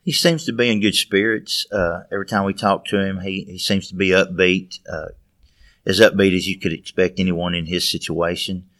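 A man speaking as a guest in an interview, measured and steady, with frequent hesitations. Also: low-pitched, dry recording, studio quality. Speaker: guest, father of the subject. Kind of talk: interview answers.

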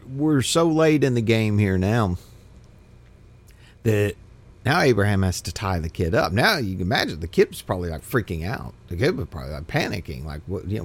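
Animated man teaching from scripture. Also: on the low side, normal speed. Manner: emphatic, with frequent restarts and repetitions. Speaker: Bible study teacher. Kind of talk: scripture reading with sermon commentary.

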